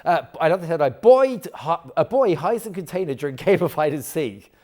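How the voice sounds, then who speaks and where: A man reads quirky news on a chat show, his voice bouncing all over the place. He sits somewhat high, jokes constantly and laughs at his own lines. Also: lively intonation, fairly quick, a little mellow. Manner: jokey, laughs often, tries impressions. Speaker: guest news presenter. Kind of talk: comic chat show banter.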